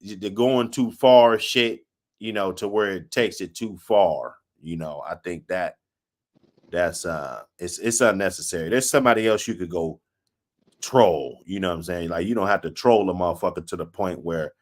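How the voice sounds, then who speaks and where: A man's voice: low-pitched, moderate pace. A man hosting a live stream, telling stories in a casual, slangy way, laughing often and cursing freely. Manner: acts out quoted people in a raised voice. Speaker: host.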